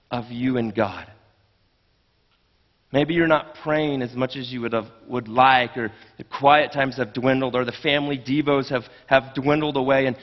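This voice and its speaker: A man's voice: mid-range voice, long reverb tail, highs cut off. A man preaching a sermon in an earnest, conversational way, often restarting his phrases. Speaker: pastor.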